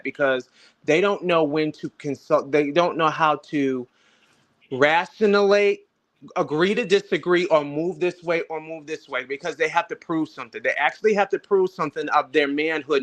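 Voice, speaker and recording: Rambling man with a slightly high voice. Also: fairly bright tone. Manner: rambling, repeats himself, swears. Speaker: panel host. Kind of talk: casual panel discussion. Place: online video call.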